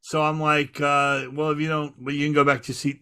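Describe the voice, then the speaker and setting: A man's voice: medium pitch, fairly even intonation, quick pace, few pauses, pushed and bright. A male comedian telling backstage anecdotes in a casual podcast chat, acting out the lines of the people in his stories.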